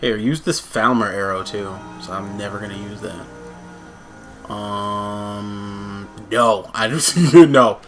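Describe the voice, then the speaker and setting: A young man co-hosting a gaming video, chatting casually while he plays and laughing through an animated story. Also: slow pace, over music. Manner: animated storyteller, laughs often, jumps into high voices for quotes. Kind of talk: casual chat while playing a game.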